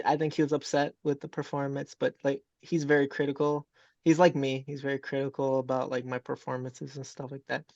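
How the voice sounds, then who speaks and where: A young man with a gravelly edge talks loosely over a video call, piling up fillers and acting out what others said to him. The sound is dull and dry, with no room around it. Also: mid-range voice, dry recording. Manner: rambling, full of fillers and quoted dialogue. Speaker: MMA fighter guest. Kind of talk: casual interview chat.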